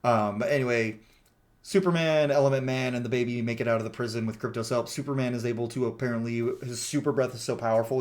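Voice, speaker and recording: A man talking through a film in a relaxed, rambling recap, peppering his sentences with "like" and an occasional curse. His voice sits at an everyday mid pitch, and he slips into quick bits of character voices when quoting scenes. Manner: chatty, heavy with "like" fillers, swears freely; acts out characters' lines when quoting them. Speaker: movie reviewer. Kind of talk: casual plot-recap movie review.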